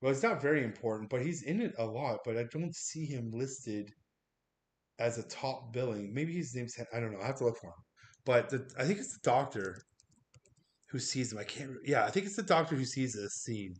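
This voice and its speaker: A man's voice: mid-range voice, a little fast. A man reviewing a movie on a casual livestream, rambling and swearing as he laughs through his reactions. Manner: rambling, profane, animated, laughing.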